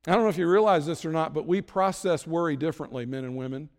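A man with a high, bright voice preaches a sermon in an easy conversational way, dropping into hushed worried inner voices to act out what people think. His voice rings with the long reverb of a large church hall. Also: fast. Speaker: pastor.

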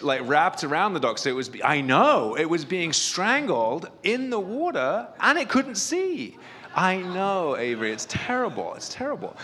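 A man's voice: medium pitch, a bit bright. A man giving a conversational sermon at a church retreat, telling personal stories with a self-deprecating, humorous touch and plenty of fillers. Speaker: pastor.

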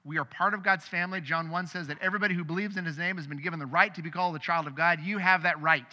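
A middle-aged man preaching a sermon as pastor, conversational and animated, with sudden loud bursts. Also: on the high side, very fast. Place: church sanctuary. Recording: long hall reverb.

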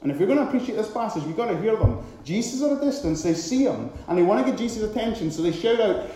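A man preaching a sermon with dramatic delivery, now and then acting out loud shouted cries. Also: high-pitched, lively intonation, quick pace. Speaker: pastor. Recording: very echoey hall.

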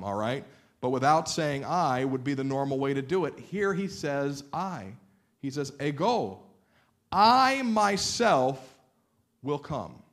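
A man preaching a sermon with a mid-range voice. He swings from loud emphatic lines to quiet, hushed ones and explains points like a teacher checking in with the congregation. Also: medium pitch. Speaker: pastor.

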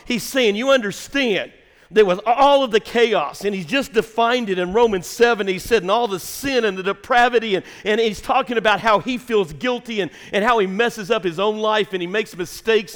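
Male preacher, folksy and dramatic, recorded in a sanctuary with long reverb. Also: high-pitched. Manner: swings from shouting to hushed whispers; folksy storytelling with fillers and laughter. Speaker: pastor. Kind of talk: sermon. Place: large church sanctuary.

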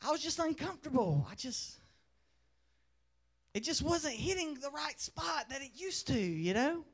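A young man with a very high-pitched voice delivers a sermon testimony. He moves between loud, emphatic lines and quiet, hushed storytelling. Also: very animated, unhurried. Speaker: preacher.

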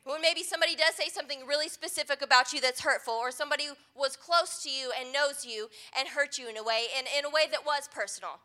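A woman's voice: high-pitched, fast, few pauses, pushed and bright. A young adult woman pastor giving an earnest, conversational sermon.

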